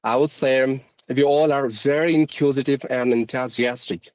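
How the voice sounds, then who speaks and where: With a mid-range, steady, slightly mellow voice at a moderate pace, an Indian man who teaches English on YouTube is interviewed conversationally as a guest. His Indian accent has a mix of American and British lilt, and he stays polite and formal, often saying ma'am.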